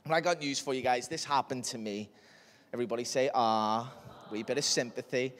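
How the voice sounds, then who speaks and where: A young man, telling a jokey, animated story to a young audience as a speaker. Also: medium pitch, a little fast. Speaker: youth speaker. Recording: echoey hall with long reverb.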